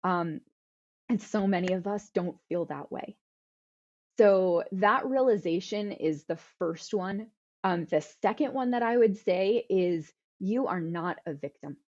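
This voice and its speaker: A woman's voice: mid-range voice, a little slow, darkish tone, highs cut off. A woman in her thirties answering interview questions earnestly, often restarting and repeating words as she thinks. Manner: earnest, self-correcting with repeated words and fillers. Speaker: guest author.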